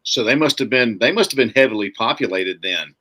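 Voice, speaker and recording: A man's voice: mid-range voice, animated, brisk, sharp tone, husky, poor audio. A man co-hosting a live podcast, joking around in casual banter and dropping into mock accents for laughs. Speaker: podcast co-host.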